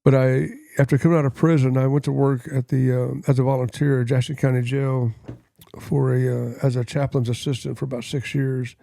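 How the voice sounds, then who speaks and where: A man's voice: mid-range voice, flat delivery, fairly quick, creaky, dark tone, no room sound. An older man telling his life story as an interview guest, earnest and plain-spoken, acting out the voices of people he quotes.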